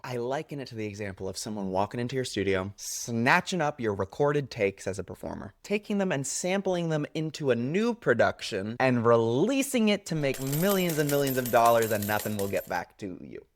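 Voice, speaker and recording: A man, an actor, giving casual commentary straight to the listener in an animated, expressive way with playful asides. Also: medium pitch, no echo, clean studio sound.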